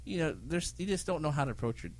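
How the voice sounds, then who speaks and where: A man on a podcast, casually telling childhood stories in an animated way. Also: on the high side, fast talker. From United States. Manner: animated storyteller, mimics relatives with laughter. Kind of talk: casual chat.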